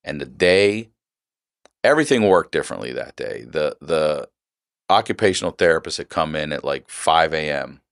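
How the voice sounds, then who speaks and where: A man's voice: rumbling low, big pitch swings, normal speed, gravelly, a bit bright, dry recording, studio quality. A middle-aged man on a podcast, casually telling a profane story and acting out the people in it. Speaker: podcast guest.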